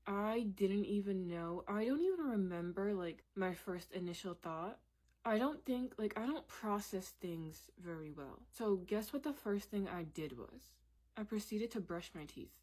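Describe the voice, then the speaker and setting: A woman's voice: medium pitch, expressive, unhurried, a little mellow. A woman in her twenties telling a candid story time in a casual, conversational way, laughing now and then.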